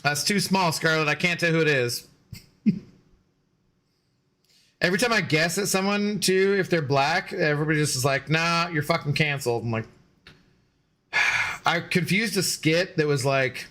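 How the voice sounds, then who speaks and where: A man's voice: on the high side, moderate pace, long pauses, bright, forceful tone. A man chatting casually on a gaming live stream, rambling, joking and answering chat.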